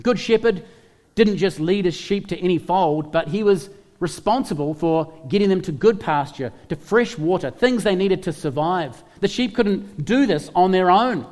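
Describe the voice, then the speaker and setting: A man's voice: high voice, lively intonation, moderate pace, a little mellow, in a large hall. A man preaching a sermon, emphatic, repeating key phrases and putting questions to his listeners. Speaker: pastor.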